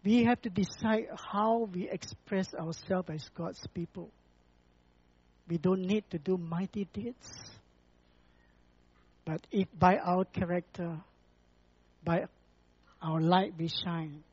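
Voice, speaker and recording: A preacher delivering a sermon and closing prayer in an earnest, deliberate way, repeating phrases for emphasis, on a dull lo-fi recording. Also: medium pitch, breathy edge, no room sound.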